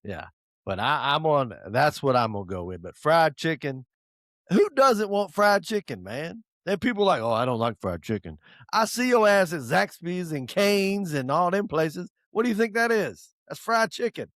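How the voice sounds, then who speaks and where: A man, co-hosting a podcast in a casual, animated chat with playful swearing. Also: a little high, normal speed, dry recording, clean studio sound. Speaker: podcast co-host.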